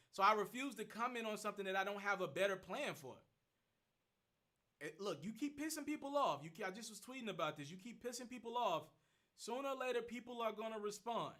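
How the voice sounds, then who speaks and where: Bright-voiced young man streaming. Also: high-pitched. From Memphis. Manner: rapid shout-outs to viewers. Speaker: livestream host. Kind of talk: casual livestream chat. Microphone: phone.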